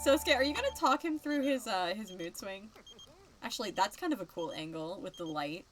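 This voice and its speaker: A woman's voice: medium pitch, brisk, over music. A young woman giving casual, chatty let's-play commentary on a life-simulation game, laughing often. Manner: giggly, chatty, animated. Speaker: gaming video creator.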